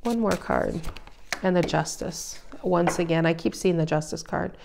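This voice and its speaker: A woman giving a casual tarot reading, emphatic and animated, her voice rising loud and dropping soft. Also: fairly low pitch, moderate pace, vocal fry, noisy background. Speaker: tarot reader.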